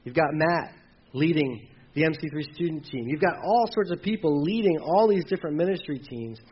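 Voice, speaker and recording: A man preaching a sermon in a conversational, animated way, acting out the voices of people he quotes. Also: on the high side, fairly quick, muffled recording, a little hiss or hum. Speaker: pastor.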